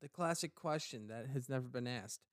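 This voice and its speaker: A man's voice: medium pitch, moderate pace, no room sound. A man co-hosting a casual podcast, joking and rambling playfully on a close mic. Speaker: podcast co-host.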